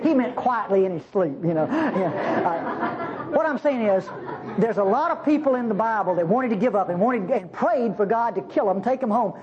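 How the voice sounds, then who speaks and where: A woman preaching a sermon in an animated, conversational way, asking the congregation questions. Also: fairly high pitch, muffled recording.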